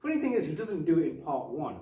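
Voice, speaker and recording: A man co-hosting a casual film review podcast, retelling scenes in an animated way and acting out the quotes. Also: fairly high pitch, fast. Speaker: podcast co-host. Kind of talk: casual movie review chat. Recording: roomy echo, far from mic.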